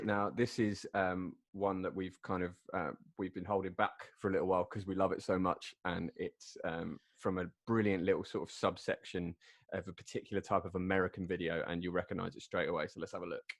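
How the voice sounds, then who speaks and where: A man's voice: low voice, steady tone, fairly quick. A British man hosting a podcast, teasing his guest and introducing the next clip. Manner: playful, teasing, presenting segments. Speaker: podcast host. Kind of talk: casual podcast chat.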